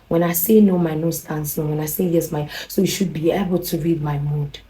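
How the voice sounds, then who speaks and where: A young woman with a Nigerian accent telling a personal story to camera in a rambling, animated way. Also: low-pitched, fairly quick, low-quality recording. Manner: rambling, animated, with restarts and quoted dialogue. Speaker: vlogger.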